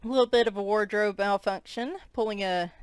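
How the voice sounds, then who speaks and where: A woman's voice: medium pitch, brisk, clean tone, no echo. A woman chatting casually as she flips through a coloring book, amused and giggling as she comments on each picture.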